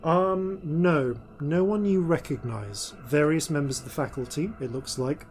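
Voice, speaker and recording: A man's voice: on the high side, measured pace, a little mellow, a little hiss or hum. A man serving as dungeon master, narrating a tabletop game with frequent ums and self-corrections.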